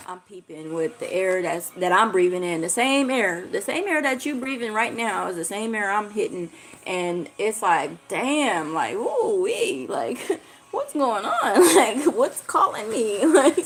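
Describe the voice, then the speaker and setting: A young woman ranting on a casual livestream, blunt and profane. She piles up slangy asides and talks with lots of animation. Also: mid-range voice. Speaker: livestream host.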